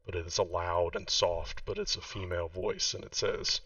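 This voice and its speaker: A man running a tabletop game as game master, describing a dream scene slowly and deliberately, sometimes correcting himself. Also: low voice, fairly even intonation, a bit bright, no room sound, distant mic, lo-fi sound.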